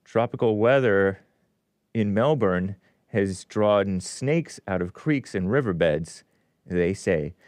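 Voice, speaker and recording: Slow and lowish, this man's voice is captured in a dry, clean studio recording as he hosts his own show. Reading a news item aloud, he breaks in with sarcastic comments, his tone moving animatedly up and down.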